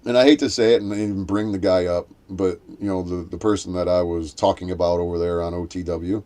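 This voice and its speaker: A man's voice: fairly even intonation, brisk, mellow. A man in casual chat, telling a rambling story with many restarts and acting out quoted voices. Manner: acts out quoted voices in a raised pitch.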